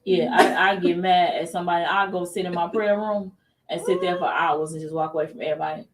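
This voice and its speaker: A woman's voice: lowish voice, quick pace, recorded from a distance, slight background noise. A woman in her thirties hosting a casual faith talk show, telling stories animatedly and acting out what people said. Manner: animated storytelling, acts out quotes. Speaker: show host.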